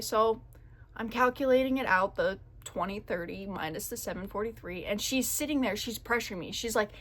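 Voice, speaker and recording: A woman's voice: fairly high pitch, animated, fairly bright tone. A young woman telling a casual storytime rant, profane and exasperated as she vents. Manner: profane, exasperated, quick to vent.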